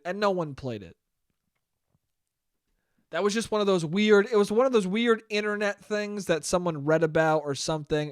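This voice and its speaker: A slightly high-voiced young man from New York rambles through a solo comedy podcast, heard close and dry with no room sound. He talks with profanity, swings from loud outbursts to low mumbled asides, and breaks into high laughs. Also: smooth, no room sound. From New York (Westchester). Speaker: podcast host.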